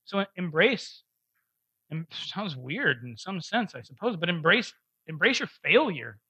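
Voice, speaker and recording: A man with a fairly high, bright, forceful voice gives a conversational sermon. He tells a personal story with animated, self-deprecating humor and laughs often as he goes. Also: measured pace, husky. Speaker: pastor.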